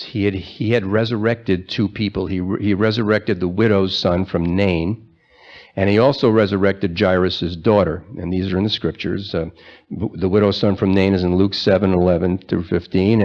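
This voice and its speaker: A man preaching a sermon, retelling the scripture story in a conversational way and slowing down for the key lines. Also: low-pitched, highs cut off. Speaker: pastor.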